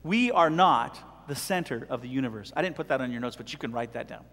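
A man's voice: mid-range voice, expressive, a little fast, a bit bright. A man preaching a sermon in a conversational way, retelling scripture and acting out its voices. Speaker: pastor. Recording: long hall reverb.

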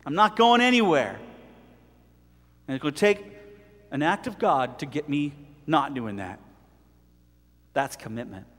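A middle-aged man preaching a sermon with animated delivery, telling stories and acting out voices. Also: fairly high pitch, a little slow, long pauses, long reverb tail. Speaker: pastor.

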